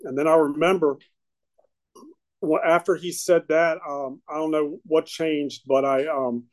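Man, adult, slightly high voice, halting testimony with lots of ums and restarts. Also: fairly even intonation, a little mellow, rough recording. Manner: halting, full of fillers and restarts. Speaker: speaker sharing recovery story. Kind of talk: personal testimony at a recovery meeting.

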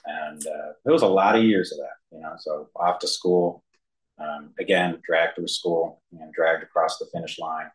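A man giving a personal testimony to a room and a video call, halting, with many fillers and self-deprecating humor. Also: very deep voice, fairly even intonation, low-quality recording. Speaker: speaker sharing his recovery story. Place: room with an audience, also streamed to a video call.

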